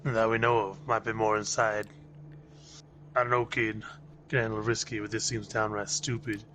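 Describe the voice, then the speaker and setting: Man doing a gravelly Nosferatu thug, low and monotone, dry and blunt. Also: normal speed, a little hiss or hum, close to an everyday voice. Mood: wary. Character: gruff male Nosferatu vampire, streetwise, sardonic.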